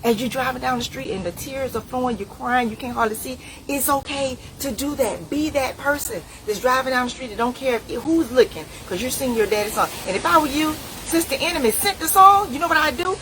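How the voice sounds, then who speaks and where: A middle-aged woman speaking, giving a preachy, animated motivational talk straight to the viewer. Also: high voice, fast talker, few pauses, background noise. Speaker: inspirational speaker.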